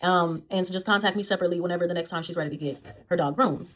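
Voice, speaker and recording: A woman's voice: fairly low pitch, racing. A woman, a dog groomer, telling a blunt, profane storytime vlog about her old job.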